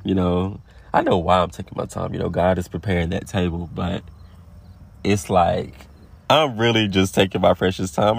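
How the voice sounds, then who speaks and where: A young man with a very deep, gravelly voice, close to a dry mic. He hosts a laid-back motivational podcast, offering spiritual encouragement and repeating his phrases for emphasis. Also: dry recording. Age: 20s. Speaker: podcast host. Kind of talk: casual motivational monologue.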